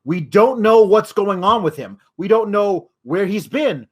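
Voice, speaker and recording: A man's voice: sits high, lively intonation, measured pace, darkish tone, slightly rough. A man hosting a wrestling podcast, ranting in exasperation with frequent swearing. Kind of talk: podcast rant.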